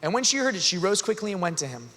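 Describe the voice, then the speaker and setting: Man, youth conference speaker, humorous sermon storytelling, high voice, long reverb of a large hall. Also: rapid-fire. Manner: animated, joking, acts out characters. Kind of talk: humorous preaching and scripture storytelling.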